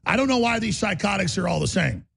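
A man's voice: high-pitched, lively intonation, fast talker, vocal fry, fairly bright tone, breathy edge. A man hosting a talk radio show, delivering an emphatic, bellowing rant. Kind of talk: ranting talk radio monologue.

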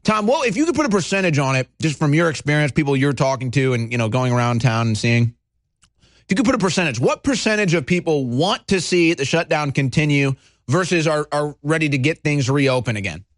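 A man's voice: a little high, expressive, brisk, no echo, clean studio sound. A man hosting a talk show, asking his guest leading questions in a conversational way. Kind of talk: casual talk-show chat.

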